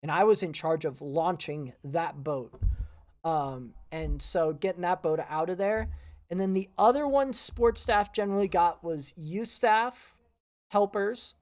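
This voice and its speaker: A man co-hosting a podcast, explaining his old crew duties in a relaxed, casual way. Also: high voice, unhurried. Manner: relaxed, many "um" fillers, laughs easily. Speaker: podcast co-host, former cruise ship sports staff. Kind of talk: casual storytelling chat.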